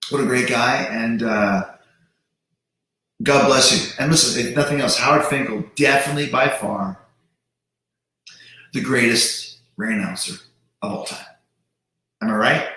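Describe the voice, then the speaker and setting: A man's voice: medium pitch, unhurried, long pauses, sharp tone. A man hosting a show, talking in a casual, emphatic monologue with some swearing and repeated words. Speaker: show host. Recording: very echoey room.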